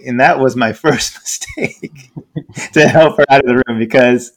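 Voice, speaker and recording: A man telling an embarrassing story in casual podcast chat, animated and laughing often, with frequent restarts. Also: mid-range voice, a little slow. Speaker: podcast co-host.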